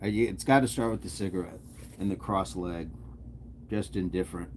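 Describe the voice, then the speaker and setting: A man's voice: low voice, moderate pace, darkish tone, a little hiss or hum. A man hosting a casual fitness live stream, playful and jokey as he chats with viewers on his phone. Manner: playful, jokey, hypes up the chat.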